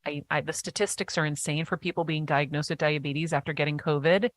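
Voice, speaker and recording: A woman guest in a casual interview chat, talking eagerly in animated bursts with quick restarts. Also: low-pitched.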